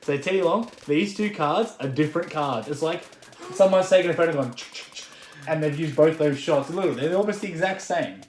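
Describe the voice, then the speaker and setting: A man talks casually and animatedly, piling on enthusiastic detail as he tells stories. His voice bounces around a reverberant room. Music plays clearly behind him. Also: a little high, brisk. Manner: animated storyteller, excitable. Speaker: guest collector showing his collection. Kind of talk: casual chat. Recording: roomy echo with music behind.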